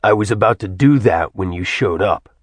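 A man's voice: lowish voice, expressive, normal speed, no echo. A man voicing a sullen, curt man in a storybook reading. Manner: curt, growling.

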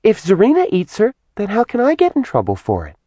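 Cheeky sing-song demon girl, a man putting it on, squeaky high and bouncy, storybook reading. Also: wildly swooping pitch, a little fast, dark tone, no echo, heavily acted. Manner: sing-songy, broken childlike grammar.

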